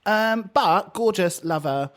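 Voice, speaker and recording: A man co-hosting a podcast, chatting in a camp, animated way and swearing freely. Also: high-pitched, slow pace. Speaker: podcast co-host. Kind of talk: casual chat.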